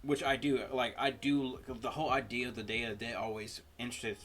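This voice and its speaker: A man hosting a reaction video, talking through personal stories in a rambling, halting way with many fillers. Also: mid-range voice, flat delivery, fairly bright tone, a little hiss or hum. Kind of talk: casual reaction commentary.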